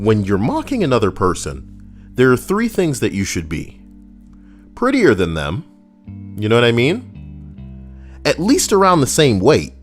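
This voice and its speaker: Lively, low-voiced man ranting profanely. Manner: animated, profane, swinging up and down in pitch. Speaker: video host. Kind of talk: profane commentary rant.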